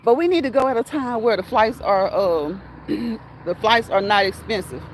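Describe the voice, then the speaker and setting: A woman's voice: medium pitch, normal speed, slight background noise. A woman hosting a casual livestream, reading chat comments aloud and laughing often until she cries. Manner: laughs often until crying, talks straight to viewers.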